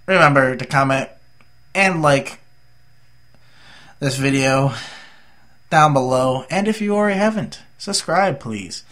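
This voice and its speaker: A man's voice: fairly high pitch, fairly bright tone. A tired young man from the United States rambling through a casual, jokey vlog update as a gaming YouTuber.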